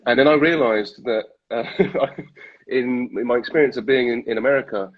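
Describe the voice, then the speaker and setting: British man laughing through a husky interview. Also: medium pitch, dull audio. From Britain. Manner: self-deprecating, laughs often, halting restarts. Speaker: actor, interview guest. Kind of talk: casual interview chat.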